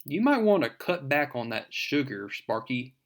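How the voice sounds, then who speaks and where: A man's voice: medium pitch, big pitch swings, normal speed, gravelly. A man voicing a wry veteran newspaper reporter who asks prying, teasing questions.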